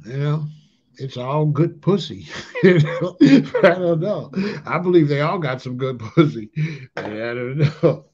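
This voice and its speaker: A man's voice: fairly high pitch, expressive, a little slow, darkish tone, a little hiss or hum. A man giving a casual ranting monologue in loose street slang, often tagging lines with "allegedly" and "you know what I'm saying". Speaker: commentator on a talk channel. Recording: dull lo-fi sound.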